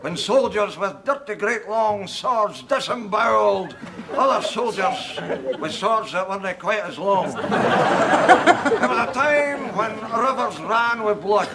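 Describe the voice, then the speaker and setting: An actor playing a pompous male folk singer with a Scottish accent, reciting in a slow, grand, mock-solemn way. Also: sits high, lively intonation, gravelly, very noisy, heavily acted. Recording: old TV sketch with loud studio audience laughter.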